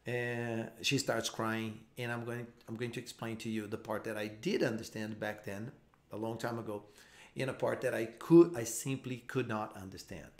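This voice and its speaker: A man giving a live online English lesson, explaining patiently with frequent repeats and restarts. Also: medium pitch. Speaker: English teacher.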